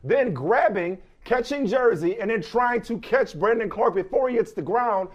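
A man hosting a sports debate show, venting in exaggerated mock outrage and shouting at times. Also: high-pitched, animated, moderate pace, dull audio. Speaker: sports talk show host.

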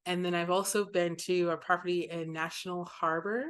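A woman's voice: fairly low pitch, steady tone, moderate pace, smooth. A woman from Maryland, a sports sponsorship executive, answering questions in an upbeat, casual podcast interview. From Maryland, United States.

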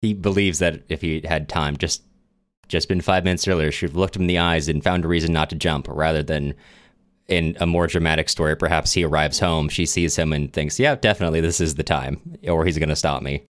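A man co-hosting a book podcast, talking thoughtfully with halting restarts. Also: extremely low pitch, steady tone, dry recording. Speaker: podcast co-host. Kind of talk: casual book discussion.

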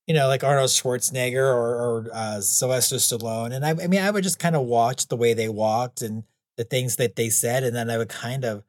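A man of middle pitch who talks in a loose, rambling way, laughing lightly between thoughts. His voice sounds dry and close, with no room around it. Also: brisk, hardly any pauses, no echo. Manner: rambling, chuckles often, many "you know"s. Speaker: guest, clown and anti-bullying author. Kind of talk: casual interview chat.

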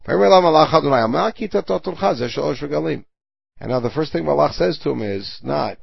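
A man's voice: a little high, animated, fast, creaky, breathy edge, no room sound. A man giving a Torah lesson, reading Hebrew verses and translating them line by line, with everyday examples. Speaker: Torah teacher. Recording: dull lo-fi recording.

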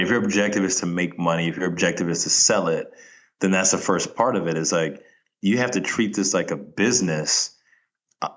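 A man in casual podcast chat, relaxed and laughing often, with many "like"s and "you know"s, talking about filmmaking. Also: low-pitched.

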